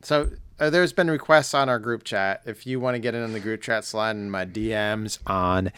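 A hoarse man hosting a podcast, chatting casually in a rambling, jokey way with some swearing. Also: fairly low pitch, moderate pace, fairly bright tone, no room sound. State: hoarse, voice nearly gone. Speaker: podcast host.

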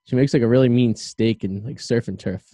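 Mellow-voiced man hosting a podcast. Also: mid-range voice, brisk, dry recording, clean studio sound. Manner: rambling, opinionated, with lots of fillers. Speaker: podcast host. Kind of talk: casual podcast chat.

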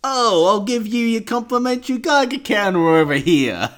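A man voicing a smarmy pet-shop salesman in a high, nasal, funny voice. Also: lively intonation, normal speed, a bit bright.

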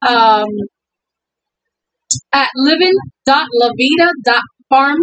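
High-voiced playful woman podcast host. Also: slow pace, fairly bright tone, a little hiss or hum, poor audio. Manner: playful, teasing, laughs often. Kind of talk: casual podcast chat.

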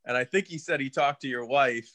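A man's voice: medium pitch, brisk, a bit bright. A man guest on a podcast, telling a casual story and laughing as he goes. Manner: laughs through his story.

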